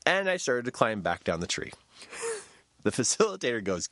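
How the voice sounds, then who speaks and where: A man telling a personal story in a storytelling talk, shouting quoted lines in a high voice. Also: big pitch swings, normal speed, no echo, clean studio sound.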